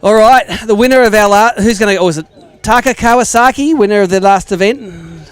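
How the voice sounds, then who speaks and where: An Australian man with a high-pitched, smooth voice speaks briskly as he hosts a live fishing tournament weigh-in on an outdoor lakeside stage. He reads out the weights while joking and bantering with the anglers.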